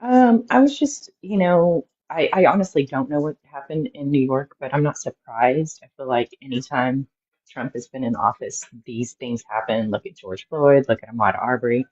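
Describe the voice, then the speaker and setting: A woman's voice: extremely low pitch, normal speed, darkish tone. A woman calling in to a political talk show who speaks earnestly and thoughtfully, searching for her words. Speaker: caller. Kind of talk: call-in discussion. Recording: dull lo-fi call line.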